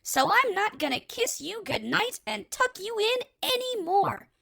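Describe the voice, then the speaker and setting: A whiny, spoiled young princess squeals at a very high pitch with a gravelly, crackling edge. She drags out her complaints slowly and indignantly. The sound is dry and close, with no room around it. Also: very animated, pushed and bright, no echo, exaggerated voice. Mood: scolding. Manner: shrill and indignant. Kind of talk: audiobook character acting.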